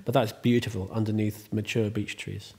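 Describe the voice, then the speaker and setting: A man's voice: lowish voice, little pitch movement, moderate pace, warm tone, breathy edge. A man, the host, talking casually in an interview, rambling and chatty with many ums and restarts. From Ireland. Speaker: host and estate owner.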